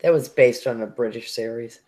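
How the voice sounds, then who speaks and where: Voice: medium pitch, normal speed, a little mellow. A co-host talking in a dry, matter-of-fact way on a live stream chat.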